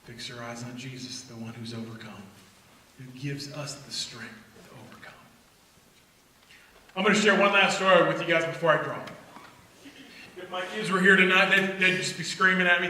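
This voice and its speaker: A middle-aged man giving an energetic faith talk to young people, with loud bursts and low, intense asides. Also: moderate pace, long pauses, a little hiss or hum. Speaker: speaker at a youth faith event. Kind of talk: energetic motivational talk to students. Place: church hall. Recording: echoey hall recorded from far off.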